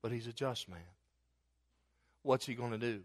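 A middle-aged man preaching a sermon as a pastor, telling jokes and stories in an animated way. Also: mid-range voice, normal speed. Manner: animated, joking storyteller. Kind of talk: humorous sermon.

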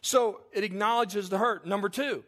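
A man's voice: high-pitched, normal speed, fairly bright tone. A middle-aged man preaching a sermon as pastor, folksy and conversational, with joking asides and frequent restarts.

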